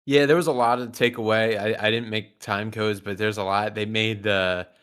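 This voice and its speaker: A man's voice: on the low side, steady tone, moderate pace, a bit bright, clean tone. A man co-hosting a show, chatting in an easygoing, agreeable way. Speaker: co-host. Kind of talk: casual chat.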